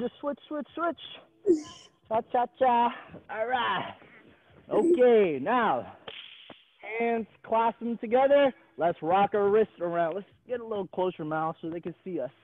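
A male gymnastics coach leading an online class over a video call, upbeat and encouraging, counting reps aloud and joking with the kids. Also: high-pitched. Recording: tinny phone-like video call audio.

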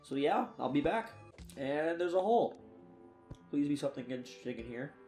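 A man's voice: fairly high pitch, expressive, a little fast, dark tone, soft background music. A tired young man giving casual, self-mocking commentary on his own gameplay, talking to himself as he plays. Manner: chatty, self-mocking, talks to himself while playing. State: tired and yawning. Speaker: let's play gamer.

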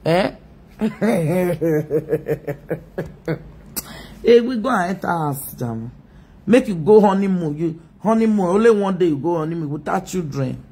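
A woman's voice: on the low side, expressive, takes it slowly, pauses often, warm tone, slightly rough. A Nigerian woman ranting mockingly on a live video, scolding and laughing often.

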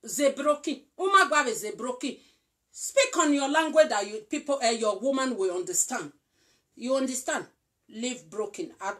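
A Nigerian woman talks through relationship advice in a loose, instructive way. She repeats herself and keeps checking that the listener follows. Her voice sits a little high. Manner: repetitive, coaxing, often checks "you understand?". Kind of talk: casual instructive talk.

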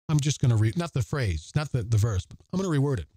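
A man's voice: mid-range voice, animated, a little fast, few pauses, dark tone, dry recording. A man hosting a religious podcast, speaking earnestly and emphatically, repeating phrases for emphasis as he reads passages aloud and comments on them. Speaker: podcast host. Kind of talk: reflective Catholic podcast commentary.

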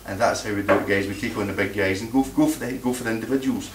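A Scottish man with a lowish voice talks quickly and bluntly to a live audience in a meeting room, giving a combative, informal speech and often repeating words while he hunts for the right one. The recording is distant and echoey, with faint background noise.

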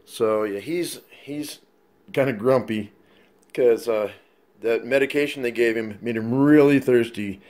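A man vlogging on a phone camera, chatting casually and cooing at his dog in a higher, softer voice. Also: unhurried.

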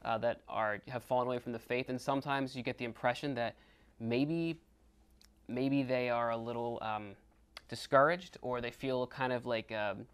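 Animated man rambling through faith talk. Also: medium pitch, normal speed, smooth. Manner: animated, rambling with many fillers. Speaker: retreat co-presenter. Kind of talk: casual faith discussion.

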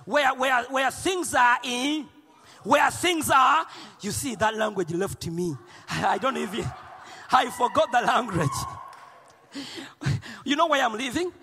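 A man from Uganda preaching a sermon in a church, shouting and playful, with call and response. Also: very high-pitched, lively intonation, slow pace, vocal fry, a little hiss or hum. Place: large church hall. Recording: long hall reverb.

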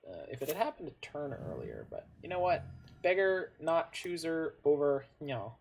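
A man's voice: on the high side, big pitch swings, moderate pace, creaky, a little hiss or hum. A man giving casual commentary on his own online card game matches, thinking aloud with frequent self-corrections and asides.

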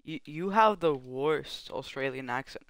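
A young man chatting casually on a gaming livestream, joking and rambling with quick laughs. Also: medium pitch, lively intonation, a bit bright, no room sound. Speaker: streamer.

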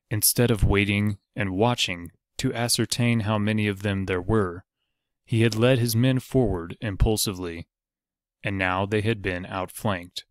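A man narrates an audiobook in a steady, measured way. His voice sits low and unhurried. The sound is dry and close, with no room around it. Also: clean tone, dry recording. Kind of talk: scripted narration.

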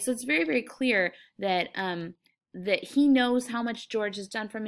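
A woman English teacher with a voice on the high side reads a novel aloud and explains it to her students, using frequent fillers.

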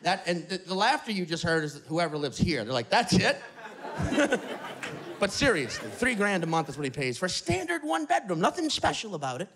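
Brief: animated male stand-up, lively pitch, a bit gravelly. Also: fairly quick, crowd noise. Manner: animated storytelling. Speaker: stand-up comedian. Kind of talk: stand-up comedy. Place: apartment living room, live audience.

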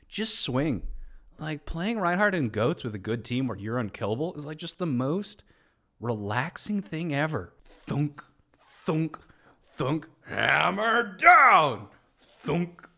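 A man's voice: on the high side, normal speed. A man giving casual, joking commentary on gameplay clips as a streamer guessing ranks. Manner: joking, animated, sarcastic.

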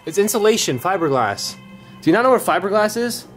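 A young man vlogging while exploring an abandoned house, loud, jumpy and swearing, filmed on a handheld camera. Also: high-pitched, big pitch swings, brisk, faint music behind. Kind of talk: casual exploring vlog.

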